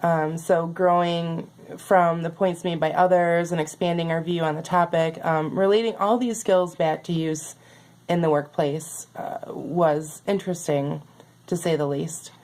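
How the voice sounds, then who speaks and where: A young adult woman student giving a recorded class reflection, earnest and halting with many pauses, losing her voice. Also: lowish voice, steady tone, darkish tone.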